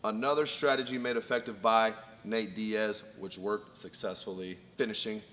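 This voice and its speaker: A man's voice: on the low side, steady tone, moderate pace, a bit bright. A man co-hosting a casual fight breakdown, laying out his points methodically and in order. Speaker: co-host, fight analyst. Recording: long reverb, faint background noise.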